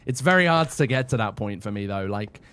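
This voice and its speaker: A man's voice: lowish voice, animated, fairly quick, a bit bright, clear, resonant tone. A young man chatting casually on a livestream in a rambling, chatty, self-deprecating way.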